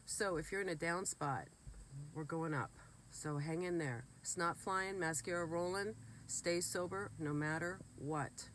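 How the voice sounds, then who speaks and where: A woman's voice: lowish voice, slight background noise. A woman vlogger, sick and emotional, talking earnestly and bluntly straight to her viewers. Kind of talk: heartfelt direct-to-camera talk.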